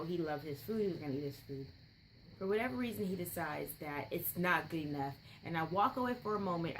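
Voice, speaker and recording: A woman's voice: lowish voice, slight background noise, poor audio. Chatty mother telling a story. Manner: chatty and rambling, with frequent fillers and asides. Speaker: podcast host, mother. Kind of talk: casual storytelling monologue.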